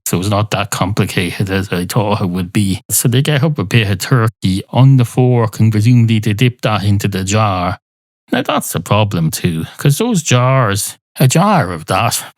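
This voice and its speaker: A man hosting a comic monologue podcast, rambling and mock-indignant. His voice sits low but swings widely in pitch. The recording is dry and close. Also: no room sound. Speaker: podcast host.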